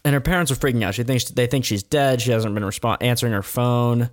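Talking fast at a medium pitch, a man animatedly retells the story of a documentary in a casual, laughing recap peppered with profanity.

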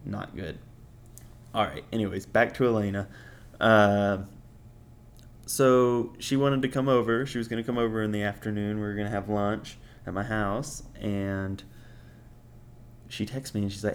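Low-voiced young man, profane and offhand. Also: moderate pace, a little hiss or hum. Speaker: podcast host. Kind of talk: casual storytelling.

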